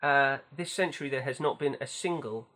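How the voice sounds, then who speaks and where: A man's voice: mid-range voice, fairly quick, sharp tone. A man co-hosting a casual film chat, telling stories in a chatty, wry way with the odd swear word. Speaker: podcast co-host.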